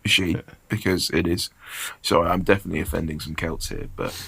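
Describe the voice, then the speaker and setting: A man's voice: low voice, fairly even intonation, a little fast, creaky, fairly bright tone, slight background noise. A man co-hosting a podcast, teasing his friends and laughing often. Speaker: podcast co-host. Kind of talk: casual chat.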